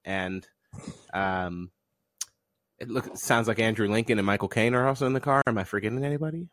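A man's voice: fairly low pitch, fairly quick, a bit bright, dry recording, clean studio sound. A man co-hosting a comedy podcast, playing the straight-faced interviewer with stammering questions.

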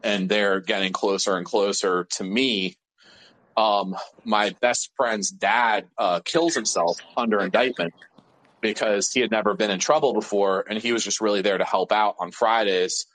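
Man, low voice, profane and rambling raconteur energy, casual interview guest. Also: moderate pace, low-quality recording. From Pittsburgh. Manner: profane, animated storytelling with many fillers. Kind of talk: casual storytelling.

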